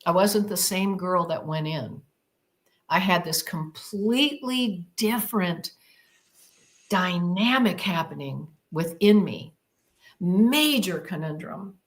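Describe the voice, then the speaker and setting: A woman's voice: on the low side, slow pace. A woman guest on an interview podcast, recounting a personal experience as a vivid storyteller who repeats words for emphasis and acts out what she said. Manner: vivid storyteller who acts out her own past exclamations.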